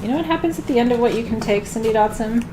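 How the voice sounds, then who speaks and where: A woman doing a live tarot card reading in a chatty way, laughing often and getting loud when she jokes. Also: fairly high pitch, racing, background noise.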